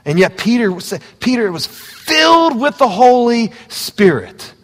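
A man preaching a sermon, moving between quiet, intimate asides and loud, fervent exhortation. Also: very high-pitched, sing-song, unhurried, long reverb tail. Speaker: pastor. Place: church sanctuary.

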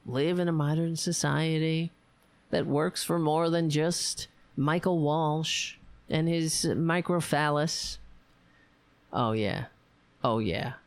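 A woman with a fairly low voice delivers a sarcastic, profane political rant at an unhurried pace. She drifts into asides and laughs at her own jokes. The sound is close and dry, with no room around it. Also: no room sound. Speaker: political commentary host. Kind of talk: solo political commentary.

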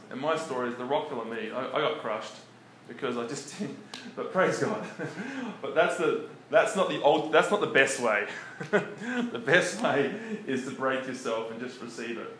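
A man's voice: mid-range voice, normal speed, few pauses. Man preaching in an echoey room. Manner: relaxed, chuckles often between points. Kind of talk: conversational sermon. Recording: echoey room with faint background noise.

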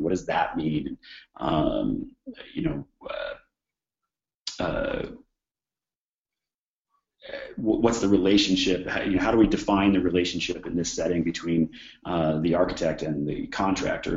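Very deep man with a cold. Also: moderate pace, creaky, a little mellow, reverberant, highs cut off. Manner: conversational, many fillers and restarts. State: hoarse from a cold. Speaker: instructor. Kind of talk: informal exam-prep lecture.

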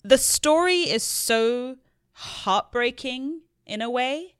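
A woman's voice: high voice, expressive, slow pace, clear, resonant tone, no room sound, clean studio sound. A young adult woman co-hosting a podcast, chatting with enthusiasm about favorite films. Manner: enthusiastic, gushing. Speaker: podcast co-host. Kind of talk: casual chat about movies.

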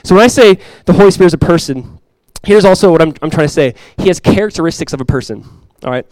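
A male pastor in his thirties preaching a conversational, animated sermon with quick asides. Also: on the high side, dry recording.

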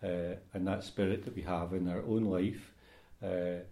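Priest, male, low mellow voice, measured liturgical reading and homily, roomy church. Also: fairly even intonation. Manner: measured, unhurried delivery with fillers in homily.

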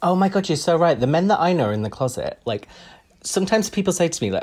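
A man's voice: a little high, sing-song, quick pace, darkish tone, husky. Guy gossiping on a podcast, cheeky chatty banter. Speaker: podcast co-host. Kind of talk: casual chat recapping a TV show.

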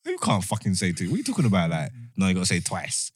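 A man's voice: low voice, wildly swooping pitch, fast, slightly rough, no room sound, studio quality. A young man, chatting in slangy, rambling banter and laughing often. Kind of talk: casual banter.

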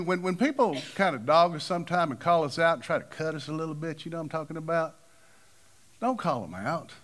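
A man preaching a sermon, acting out the people in his stories with big swings of voice. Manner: animated, acts out quoted figures with big pitch swings.

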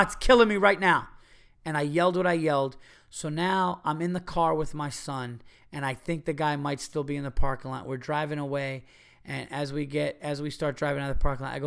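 A middle-aged man hosting a podcast, telling a story in a casual monologue and slipping into loud, profane rants. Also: medium pitch. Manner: animated storytelling, rants with heavy swearing. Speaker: podcast host.

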